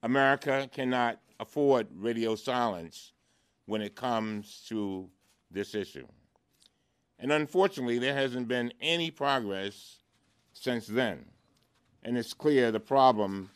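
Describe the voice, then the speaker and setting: A man's voice: medium pitch, slow, clear, resonant tone. A congressman giving an impassioned press conference speech, driving his points home with rhetorical repetition.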